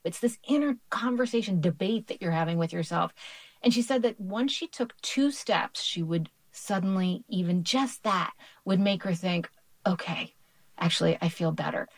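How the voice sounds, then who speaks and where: A woman's voice: medium pitch, expressive, moderate pace, dry recording. A woman author answering radio interview questions, explaining research in an upbeat, explanatory way with light laughs. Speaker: author guest.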